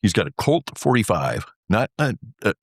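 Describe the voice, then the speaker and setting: A man's voice: lowish voice, sing-song, normal speed, dry recording. A man tells a story in casual interview talk. He rambles, leans on fillers and drops wry asides. The sound is dry and close. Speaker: interview guest, former pilot.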